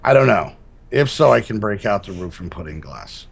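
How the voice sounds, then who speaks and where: A man co-hosting a casual Minecraft let's-play, relaxed and narrating each step as he builds. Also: on the low side, normal speed, gravelly, breathy edge. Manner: relaxed, narrates his own building steps. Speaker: gaming channel co-host.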